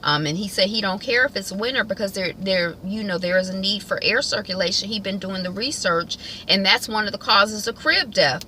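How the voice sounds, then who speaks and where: A woman's voice: medium pitch, brisk, few pauses, bright, forceful tone, a little hiss or hum, rough recording. A woman at home giving a casual, colloquial recap of a TV episode, chatting and acting out the characters' lines. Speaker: TV recap vlogger.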